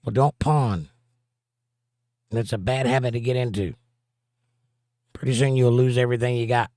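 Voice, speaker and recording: Brief: male stream host, mid-pitched, dry close sound, jokey and wry as he answers chat. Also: moderate pace, mellow, no echo. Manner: joking, wry, laughs at his own jokes. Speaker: livestream host. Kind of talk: casual livestream chat, reading comments aloud.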